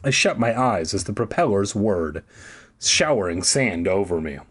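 A man reading a story aloud for comedy, with sarcastic, profane, deadpan asides. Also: lowish voice, normal speed, breathy edge. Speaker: audiobook reader.

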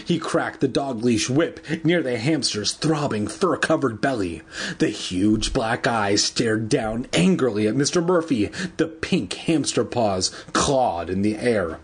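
Husky man reading aloud with irreverent asides. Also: medium pitch, a little slow. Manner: animated, irreverent, swearing asides. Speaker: reader. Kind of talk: casual storybook reading with asides. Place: home.

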